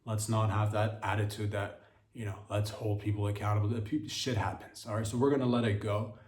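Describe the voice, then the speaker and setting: A man hosting a podcast, giving a deadpan satirical comedy monologue with mock-earnest sarcasm aimed at his audience. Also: lowish voice, a little fast, reverberant. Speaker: podcast host.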